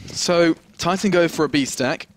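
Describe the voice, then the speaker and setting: A man's voice: on the high side, moderate pace, slight background noise. A man giving live esports commentary on a headset mic, analytical in tone and speeding up when the action builds.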